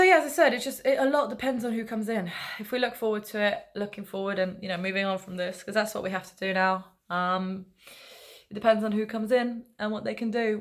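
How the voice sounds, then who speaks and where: A young woman fan talking casually in a rambling, laid-back vlog, full of fillers and asides. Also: mid-range voice. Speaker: football fan vlogger.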